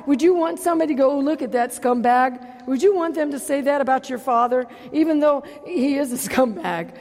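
High-voiced woman pastor; sermon, loud-to-hushed swings, amen call-outs; long hall reverb. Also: moderate pace, few pauses.

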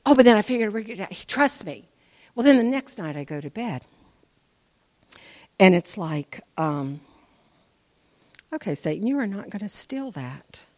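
A woman giving an informal church testimony, chatty and animated, moving between quiet asides and loud emphatic preaching. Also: medium pitch, unhurried, pauses often. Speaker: speaker sharing a testimony.

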